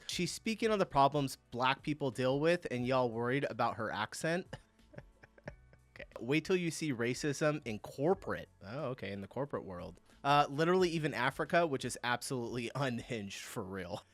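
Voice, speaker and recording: American man, reaction video host, animated pitch, dry close sound, chatty and laughing. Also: no room sound. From United States. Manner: chatty, laughs often, thinks aloud. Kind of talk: casual reaction commentary.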